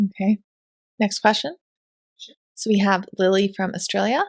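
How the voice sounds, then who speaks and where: A woman's voice: mid-range voice, moderate pace, gravelly, pauses often, slightly rough. A woman co-hosting, reading listener questions aloud and making short remarks. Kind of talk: reading questions, casual chat.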